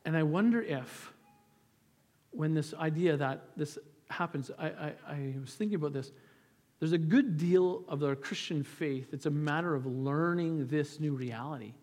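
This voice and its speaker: A man preaches in an earnest, conversational way, pitched a little high. His voice rings out with a long reverb through a church sanctuary, and he often doubles back on his words. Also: unhurried, darkish tone. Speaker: pastor. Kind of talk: sermon.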